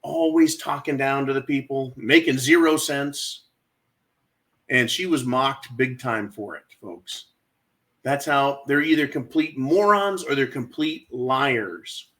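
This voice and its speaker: A man's voice: mid-range voice, takes it slowly, fairly bright tone. A man hosting his own channel, delivering a sarcastic political rant and calling out to his audience as folks. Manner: ranting, keeps addressing folks and asking right?; mocking, sarcastic. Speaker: channel host.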